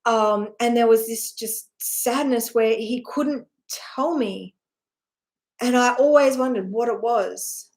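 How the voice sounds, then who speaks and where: Her voice fairly high, slow and a little mellow, a woman tells her own spiritual story as a teacher, wandering from point to point with feeling. Sighs punctuate her earnest, emotional telling, and she keeps asking "right?".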